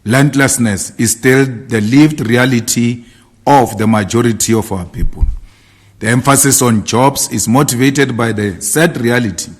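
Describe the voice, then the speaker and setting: A man's voice: medium pitch, unhurried, slightly rough. A man delivering a formal political statement in a declamatory, repetitive rallying cadence. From South Africa. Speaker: party leader giving a statement.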